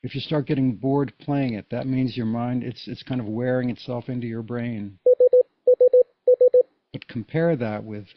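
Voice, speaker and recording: A man's voice: mid-range voice, steady tone, a little slow, no echo. A man giving a casual, patient Morse code lesson, explaining each step in plain words. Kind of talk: casual spoken tutorial. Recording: dull lo-fi recording.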